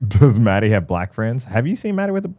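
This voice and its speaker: A man's voice: on the low side, sing-song, fairly quick, dark tone. A man co-hosting a casual livestream talk show, teasing and laughing as he jokes around. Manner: joking, teasing, laughs often. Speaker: podcast co-host.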